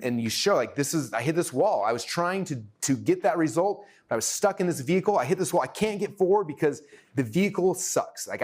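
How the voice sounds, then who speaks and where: A man teaching a live workshop to an audience, energetic and excitable, acting out his own thoughts as he goes. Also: fairly high pitch.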